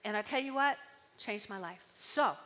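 A woman's voice: medium pitch, normal speed, a bit bright. A woman pastor preaching a sermon in a chatty way, often checking in with the congregation and leading call-and-response. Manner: chatty, tag questions, audience call-and-response. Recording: long hall reverb.

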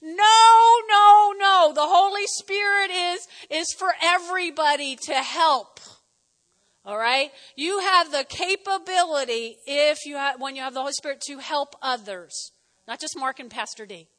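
A middle-aged woman pastor with a New Jersey accent preaching a lively sermon, calling on the congregation to repeat phrases back. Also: sits high, moderate pace. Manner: lively, animated preaching with audience call-and-response. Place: church hall. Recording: reverberant hall.

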